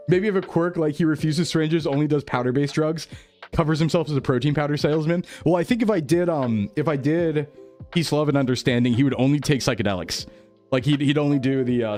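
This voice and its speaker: A man's voice: mid-range voice, darkish tone. A young man chatting casually on a live stream, rambling, reading chat aloud and laughing often. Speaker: VTuber streamer.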